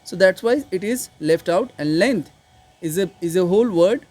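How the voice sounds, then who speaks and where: A man's voice: sits high, animated, normal speed, a little mellow. A man teaches an online literature class. He explains things step by step and stops often to ask his students whether they follow. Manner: patient, explaining step by step, checks in with "got it?".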